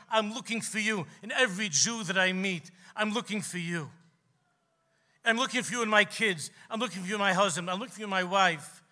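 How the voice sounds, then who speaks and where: A man, a rabbi preaching to a gathering, telling stories with passion and slowing down for emphasis. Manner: impassioned storytelling, slows for emphasis, drops low and quiet at key lines. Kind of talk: sermon at a gathering. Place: live event hall.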